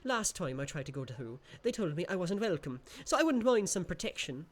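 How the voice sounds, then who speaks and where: A man voicing a tiny, cheeky male winged sprite that chirps its lines in a high, impatient sing-song. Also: very animated, brisk. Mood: chirpy.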